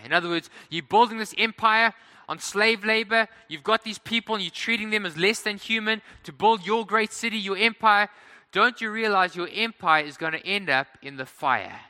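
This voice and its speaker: A man's voice: sits high, normal speed, pushed and bright, long reverb tail. A man preaching a sermon in a conversational way, putting questions to the congregation.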